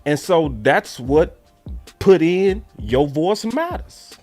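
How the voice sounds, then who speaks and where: A man telling a story in a casual, animated way and acting out the voices of the people he quotes. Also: fairly high pitch, slow, faint music behind. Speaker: sports show host.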